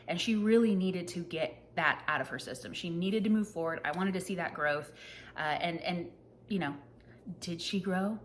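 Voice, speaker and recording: A woman in her thirties chatting casually about books she read, self-deprecating and quick to laugh at herself. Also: on the low side, fairly bright tone, slight background noise. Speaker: book reviewer. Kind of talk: casual book wrap-up chat.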